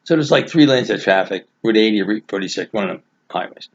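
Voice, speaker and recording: A man casually telling a family anecdote, animated and laughing through his own story. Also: on the low side, fast, vocal fry. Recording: dull lo-fi recording.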